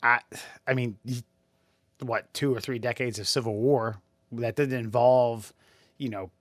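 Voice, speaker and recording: A man co-hosting a podcast who trades wry, profane asides in a relaxed back-and-forth. He speaks at a middling pitch, and his voice sounds close and dry. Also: measured pace, no echo. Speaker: podcast co-host. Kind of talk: casual podcast banter.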